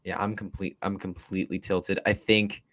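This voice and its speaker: A man co-hosting a live fantasy football chat, talking in an animated, emphatic way and often repeating himself. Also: low voice, normal speed. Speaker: podcast co-host.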